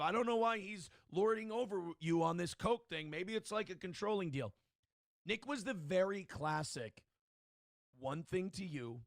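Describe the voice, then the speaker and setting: A man's voice: a little high, dry recording, studio quality. A man hosting a livestream, talking casually and rambling, who often restarts his sentences and mimics other people mockingly. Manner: rambling, with frequent restarts and mocking quoted voices. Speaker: livestream host.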